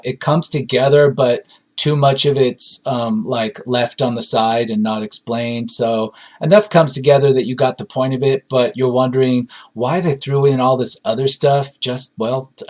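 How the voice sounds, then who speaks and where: A man's voice: mid-range voice, a little mellow. A man casually reviewing a film on his own, reading out audience reviews and talking with lots of fillers. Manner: rambling, frequent fillers and hedges.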